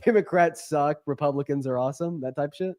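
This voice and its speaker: Fast-talking young streamer man. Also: on the high side, a little mellow, dry recording, clean studio sound. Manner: fast, filler-heavy, blunt. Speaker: streamer hosting live debates. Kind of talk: casual live-stream debate.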